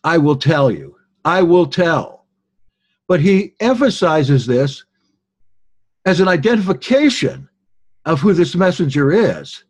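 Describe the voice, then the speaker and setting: Slow, husky-voiced man teaching Bible study. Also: fairly high pitch, darkish tone. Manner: deliberate, explanatory, stressing key words.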